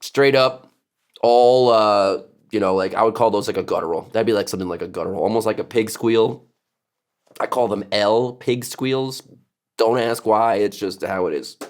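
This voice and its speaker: A man's voice: on the low side, fairly quick, a little mellow. A man casually explaining his vocal techniques, breaking off to demonstrate growls, gutturals and shrieking screams.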